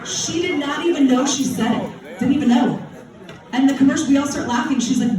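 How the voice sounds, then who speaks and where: A woman's voice: high-pitched, animated, a little fast. A woman from Utah with a Utah accent, a TV co-host giving a playful talk that quizzes a live audience. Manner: chatty and playful, quizzes the crowd. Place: large hall with an audience. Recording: echoey hall, mic heard from a distance, crowd noise.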